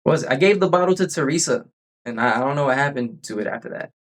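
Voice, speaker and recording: A man's voice: mid-range voice, animated, fast. Guy rambling through a story on a podcast, lots of restarts, chill chat. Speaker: podcast host. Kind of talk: casual chat.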